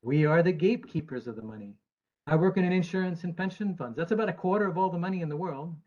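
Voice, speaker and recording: A man's voice: fairly high pitch, fast, darkish tone, dull audio. An American man, an actuary, giving a presentation to investors in an earnest, emphatic way with dry asides. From United States.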